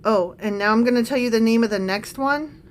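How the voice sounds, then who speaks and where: High-pitched lady reading bible bits out loud, jokey and chatty, laughs a lot. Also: a little fast, slight background noise. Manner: chatty and joking, laughs often. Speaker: podcast co-host. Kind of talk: casual chat reading scripture.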